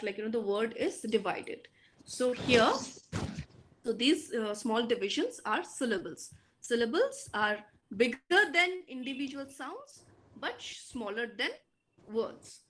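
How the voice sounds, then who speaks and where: A woman with an Indian English accent lecturing students online, explaining slowly with frequent fillers. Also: fairly high pitch.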